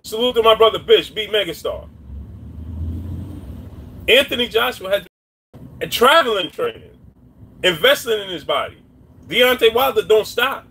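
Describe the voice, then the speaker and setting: High-voiced man doing live boxing talk. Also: expressive, moderate pace, pauses often, slightly rough. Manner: repetitive, shouts out chat names. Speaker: boxing commentator. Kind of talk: live-stream commentary.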